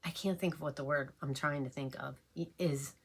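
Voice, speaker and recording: Middle-aged woman, low and gravelly, chatting haltingly and emotionally in a home get-ready-with-me vlog. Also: steady tone, a little hiss or hum. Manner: rambling, halting, many fillers and restarts. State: emotional, close to tears. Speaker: beauty vlogger. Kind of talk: casual chat while getting ready.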